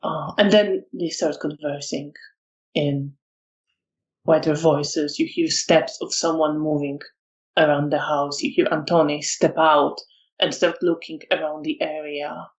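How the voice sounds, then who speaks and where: A storyteller narrating a vampire tabletop game in slow, descriptive lines with fillers. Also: medium pitch, little pitch movement, rough recording.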